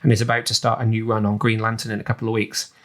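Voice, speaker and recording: An English-accented man co-hosts a podcast, chatting casually and rambling with plenty of ums and restarts. His voice is fairly low and fairly bright, delivered completely flat and very fast.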